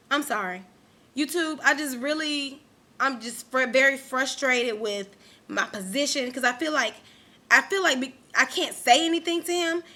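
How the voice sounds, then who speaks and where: A woman's voice: high-pitched, bright, forceful tone. A young woman vlogging an angry rant to her camera, emphatic and repeating herself.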